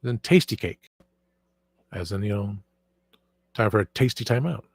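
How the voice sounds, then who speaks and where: A man's voice: fairly low pitch, animated, normal speed, vocal fry, breathy edge, no room sound. Rambling live-stream host, man. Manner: rambling, filler-heavy, many restarts; reads and answers viewer chat. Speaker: livestream host. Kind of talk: casual live-stream chat.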